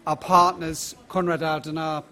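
A man moderating a debate thanks the audience and partners. His voice is bright and fairly high, and his words stall on many fillers. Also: level tone, normal speed.

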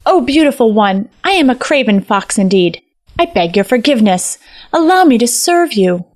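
Woman voicing a young male fox, storybook, eager and earnest, higher pitch. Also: moderate pace. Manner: excited and earnest.

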